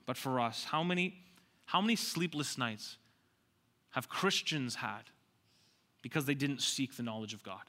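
A man's voice: a little high, lively intonation, a little slow, sharp tone. A man preaching a sermon, speaking emphatically, repeating key lines and putting rhetorical questions to his congregation.

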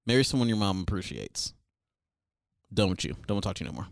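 Crude, animated comic advice host, man. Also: fairly low pitch, fast, vocal fry, dry recording, clean studio sound. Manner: crude, rambling and hyperbolic. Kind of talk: comedic advice monologue.

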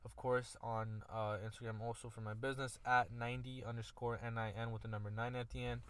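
A man's voice: medium pitch, little pitch movement, a little fast, a bit bright, clean tone. A man co-hosting a casual podcast, talking loosely with slang and "man" at the ends of his sentences. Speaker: podcast co-host.

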